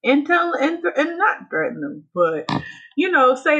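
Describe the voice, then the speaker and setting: A woman's voice: high voice, big pitch swings, measured pace, fairly bright tone. A woman in casual chat, reacting with blunt, profane commentary. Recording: dull lo-fi sound.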